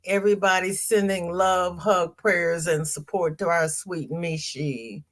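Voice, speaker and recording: Her voice sits lowish and fairly bright, with fairly even intonation and a slightly slow pace. This older crochet livestreamer chats away, reading out comments, welcoming every viewer by name and saying things twice to drive them home.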